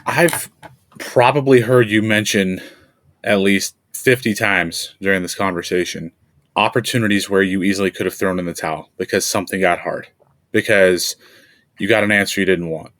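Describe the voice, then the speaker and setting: Earnest low-voiced male podcast host. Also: fairly even intonation, moderate pace, a bit bright, no room sound. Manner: earnest, emphatic, affirming. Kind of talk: reflective interview commentary.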